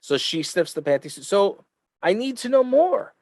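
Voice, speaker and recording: Animated joking man on a dry mic. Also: sits high, a little slow, gravelly, dry recording. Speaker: podcast co-host. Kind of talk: casual chat.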